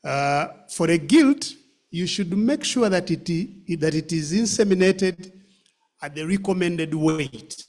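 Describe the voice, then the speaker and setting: A man's voice: high-pitched, animated, slow, darkish tone. A man giving a pig farming training session, answering questions with practical advice and plenty of hesitant fillers and restarts.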